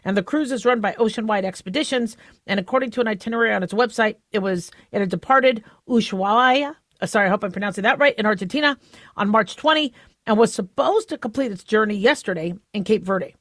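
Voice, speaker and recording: A woman's voice: medium pitch, fast, no room sound, studio quality. A woman hosting a talk radio show, explaining medical news in a chatty way with many fillers and restarts.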